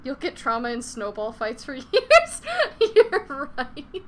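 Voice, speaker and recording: A woman's voice: fairly high pitch, wildly swooping pitch, moderate pace, a bit bright, slight background noise. A young woman chatting casually on a live gaming stream, swearing freely and venting frustration between laughs. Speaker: game streamer.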